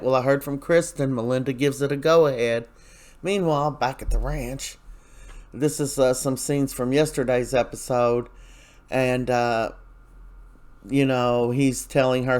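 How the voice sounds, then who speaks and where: A man's voice: medium pitch, fairly even intonation, a little slow, a little mellow. A man casually recapping a soap opera episode, chatty and rambling, with many fillers and lines quoted from the characters.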